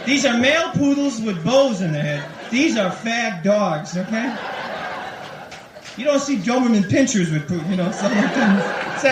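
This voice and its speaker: A male stand-up comic with a high, bouncing voice that leaps up and down as he acts out bits. The sound comes from a live 1980s club tape, roomy and a little distant, with audience laughter behind him. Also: very noisy. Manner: animated, acts out quick voices in jokes. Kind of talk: stand-up comedy set. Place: comedy club stage, 1983.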